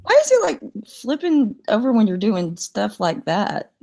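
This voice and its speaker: A woman's voice: medium pitch, huge pitch swings, a little slow, vocal fry, mellow. A woman chatting casually on a video call through her computer mic, joking about herself and laughing often. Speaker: co-host. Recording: slightly tinny sound.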